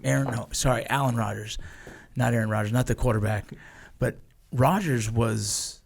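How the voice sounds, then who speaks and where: A man from Los Angeles, a former Army Ranger guest, telling war stories in a profane, animated way. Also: mid-range voice, moderate pace, gravelly, a little hiss or hum. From Los Angeles, USA. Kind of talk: casual storytelling interview.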